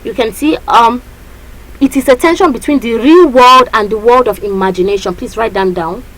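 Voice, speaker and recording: A woman teaching a literature lesson, lively and repetitive, often checking that her students understand. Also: on the high side, normal speed, low-quality recording.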